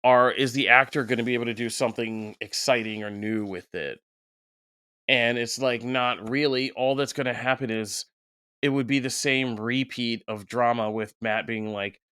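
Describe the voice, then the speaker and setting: Male podcast guest, smooth resonant voice, hiccuping, animated and wry. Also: medium pitch, normal speed, no room sound, clean studio sound. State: has the hiccups. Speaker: guest critic. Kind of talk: casual podcast discussion.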